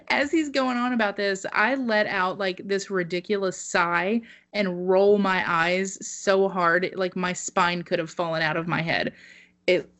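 A woman telling a story on a casual podcast, animated and swearing, laughing at herself. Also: medium pitch, unhurried. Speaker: podcast co-host.

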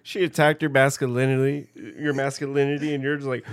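A man's voice: medium pitch, fairly quick, hardly any pauses, no echo. A man in casual chat, joking and teasing his friend. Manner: joking, teasing, lively delivery.

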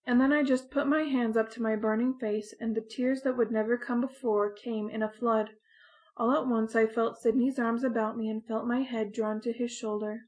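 A woman narrating a first-person story in an earnest, expressive diary-style reading. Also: on the high side, normal speed. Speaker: audiobook narrator.

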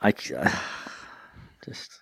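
A man's voice: fairly bright tone, no echo. A man hosting a casual podcast, chipping in with short replies and dry jokes. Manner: dry, joking, quick interjections. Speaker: podcast host.

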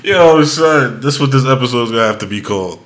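Man, podcast host, middle-pitched, rowdy storyteller, laughs often, echoey room. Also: fairly quick. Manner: loud animated storytelling, acts out quotes, laughs often. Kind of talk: casual chat.

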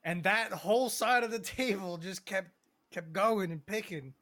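A man's voice: high-pitched, unhurried, a bit bright. A man in a casual group chat who sounds eager and keeps pushing to get his point in.

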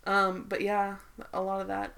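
A woman's voice: medium pitch, completely flat delivery, moderate pace, creaky, a bit bright. A woman co-hosting a casual chat podcast, rambling and trailing off mid-thought. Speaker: podcast co-host.

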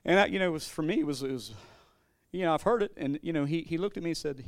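High-voiced pastor preaching animatedly. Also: male voice, fast, no echo, clean studio sound. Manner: animated, swings between loud declarations and quiet storytelling, stammering restarts. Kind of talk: sermon.

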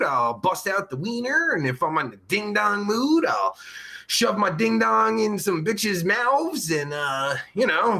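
A crude, foul-mouthed pervert character, put on by a man hosts a rambling comedy stream. His voice sits high and swoops all over, sharp and bright on top. Underneath it's gravelly and raspy. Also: heavily acted. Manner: crude, rambling, swears constantly. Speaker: host. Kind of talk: comedic live stream chat.

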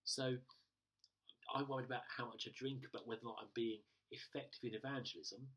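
A man's voice: medium pitch, fairly even intonation, brisk, a bit bright, husky, distant mic. A male pastor preaching a sermon in a conversational way, often restarting and hesitating, recorded in a church.

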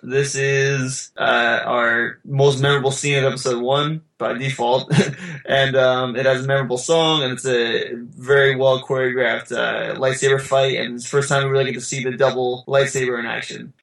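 Laid-back male co-host, gravelly voice, echoey room. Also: medium pitch, flat delivery, a bit bright. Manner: laid-back, with filler pauses. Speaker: podcast co-host. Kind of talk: casual list countdown.

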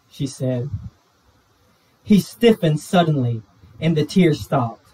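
A male pastor with a Southern US accent, telling a story in a sermon, earnest and slowing down, dropping low at the emotional moments. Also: animated, darkish tone, breathy edge. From Georgia, US. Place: church sanctuary. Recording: voice from a distance off the pulpit mic.

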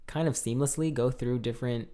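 Male podcast co-host, laughs a lot, rambling run-on talk, mid pitch. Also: fairly quick, dark tone. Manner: laughs often, talks in loose run-on sentences. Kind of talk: casual movie review chat.

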